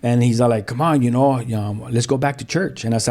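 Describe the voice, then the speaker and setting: A man's voice: medium pitch, fairly quick, darkish tone. Street-talking man from South Central LA. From South Central Los Angeles. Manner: street slang, repeated restarts, acts out quoted voices. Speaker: pastor and podcast guest. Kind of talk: personal testimony in a podcast interview.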